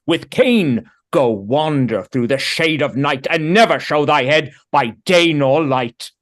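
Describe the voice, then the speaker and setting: A man's voice: mid-range voice, lightly acted. A man reading the part of a guilt-stricken new king in a Shakespeare read-through over a video call. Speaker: volunteer reader.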